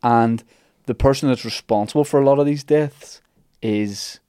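A man's voice: mid-range voice, moderate pace, mellow, smooth, dry recording, clean studio sound. A man, hosting a podcast and retelling a myth in a rambling, jokey way full of asides. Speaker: podcast host telling a myth. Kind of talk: casual comic storytelling.

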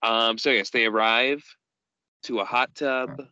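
Man, podcast co-host, dry deadpan chat, bright tone, dry close sound, a bit dull. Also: mid-range voice, measured pace, dry recording. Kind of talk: casual recap chat. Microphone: podcast microphone.

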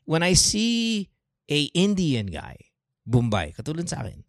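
A man with a Filipino accent hosting a casual chat show, telling stories with animated energy and slipping Tagalog phrases into his English. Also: a little high, measured pace, no echo, studio quality. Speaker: podcast host.

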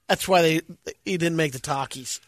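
Co-host dude, slightly higher voice, short quips, dry close mic. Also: male voice, a little slow, no echo. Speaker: radio co-host. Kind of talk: casual banter.

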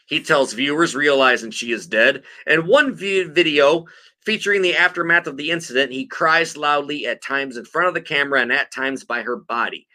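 On a podcast, a tipsy co-host works through news stories aloud after several beers, swearing and joking as he goes. His voice runs on the high side, bright and forceful, at a normal speed.

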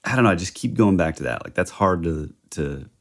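A man's voice: deep voice, lively intonation, brisk. A man co-hosting a podcast, thinking aloud hesitantly in casual true-crime chat. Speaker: podcast co-host.

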